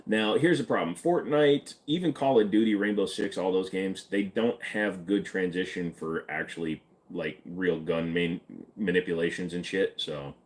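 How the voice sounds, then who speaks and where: A man's voice: deep voice, moderate pace. A man hosting a live stream, casually reading and answering chat questions in an offhand, joking way.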